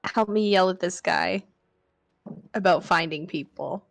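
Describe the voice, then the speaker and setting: A woman playing in an online tabletop game, chatting casually and excitably. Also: fairly low pitch, a little slow, gravelly, no room sound, studio quality. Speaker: player.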